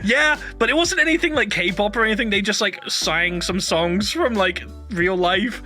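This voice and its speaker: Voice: medium pitch, moderate pace, bright, forceful tone, faint music behind. A co-host in a casual comedic chat, giggly and rambling.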